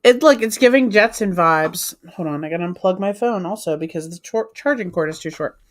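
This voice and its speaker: A woman's voice: on the low side, animated, a little fast, a little hiss or hum. A woman co-hosting a live home stream, chatting casually and insisting on her point, spelling words out letter by letter. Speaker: co-host of a live reselling stream. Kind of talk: casual chat.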